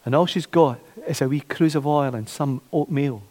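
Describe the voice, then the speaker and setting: A man preaching a sermon, animated, repeating his phrases and acting out the voices of doubters. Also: fairly high pitch, moderate pace. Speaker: pastor. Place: church. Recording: long church reverb.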